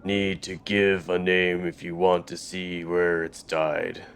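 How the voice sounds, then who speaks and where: A man voicing an addled male dustman in a computer game, speaking in a slow, repetitive sing-song. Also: low-pitched, level tone, slight background noise. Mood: eerie sing-song.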